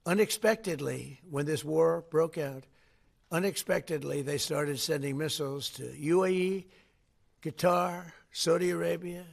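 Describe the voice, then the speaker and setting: A man's voice: a little high, vocal fry. An older American man giving off-the-cuff press remarks, boastful and rambling, repeating his phrases as he answers reporters. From United States. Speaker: head of state taking press questions.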